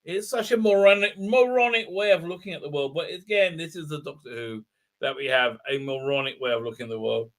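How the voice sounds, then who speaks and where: Reviewing an episode, a host with a higher-pitched voice talks briskly, ranting in disbelief and frustration. He leans on plenty of fillers and mocks lines by quoting them.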